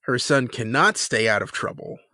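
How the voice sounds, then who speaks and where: A man co-hosting a casual TV recap podcast, talking at an ordinary middle pitch. He rambles, restarts his sentences and laughs often. His voice sounds dry and close to the mic. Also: lively intonation, moderate pace, bright, forceful tone, dry recording. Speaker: podcast co-host. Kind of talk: casual chat.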